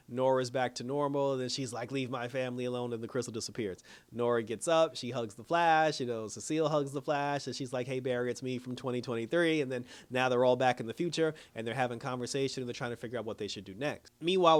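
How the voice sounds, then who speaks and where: A man reviewing a TV episode in a casual, animated way, acting out the characters' lines and laughing often. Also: mid-range voice. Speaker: show reviewer.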